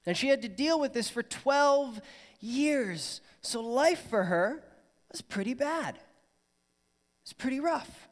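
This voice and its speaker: A man's voice: very high voice, expressive, slow pace, in a large hall. A man preaching a sermon in church, earnest and personal, sometimes voicing people's imagined thoughts. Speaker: pastor.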